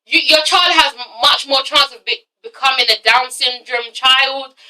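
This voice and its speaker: Reviewing reality TV, a sassy nineteen-year-old vlogger with an English accent swears freely and keeps asking "okay?" as she rants casually. She has a high voice at normal speed with a sharp tone, captured on a distant mic with low-quality audio.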